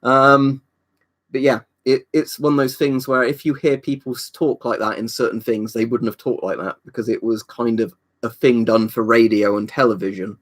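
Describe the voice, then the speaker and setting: A man's voice: medium pitch, steady tone, normal speed. A young adult man from England chatting casually on a live stream, rambling, swearing freely and answering viewers' questions.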